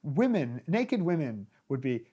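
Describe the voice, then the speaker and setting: A man's voice: fairly high pitch, sing-song, a little slow, warm tone, breathy edge. A man hosting a casual chat over old photos, enthusiastic and musing, often trailing off mid-thought. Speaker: host and tour guide.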